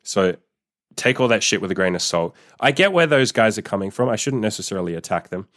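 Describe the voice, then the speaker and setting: Blunt, profane man with a low voice. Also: animated, brisk, a bit bright, dry recording, clean studio sound. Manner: acts out quoted dialogue in a higher mocking voice. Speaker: dating coach. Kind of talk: solo podcast monologue.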